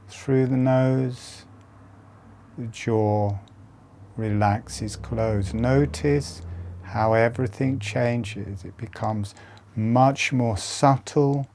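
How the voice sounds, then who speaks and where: A man leading a guided breathing meditation, giving calm instructions softly with long pauses. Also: medium pitch.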